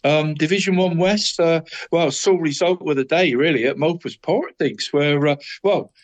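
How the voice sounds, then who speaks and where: A man with a somewhat high voice talks through the weekend's local football results on a podcast. He keeps it loose and chatty, tags "mate" onto nearly every line and trips over his words as he goes. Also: moderate pace, rough recording. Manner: stumbles and restarts a lot.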